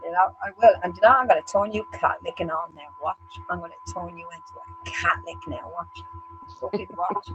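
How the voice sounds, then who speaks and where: A woman's voice: lowish voice, a little fast, background noise. A woman co-hosting a casual chat show, blunt and sweary, acting out what others say about her. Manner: blunt, sweary, animated, acts out other people's remarks. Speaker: co-host.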